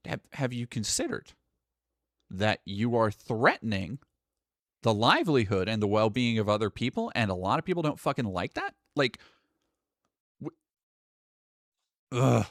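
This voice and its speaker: A male streamer reacts to videos in a sarcastic, exasperated running commentary and swears freely. His pitch swings widely as he talks, and the close mic sounds dry and free of any room echo. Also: big pitch swings, unhurried, long pauses, fairly bright tone. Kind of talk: casual live-stream commentary.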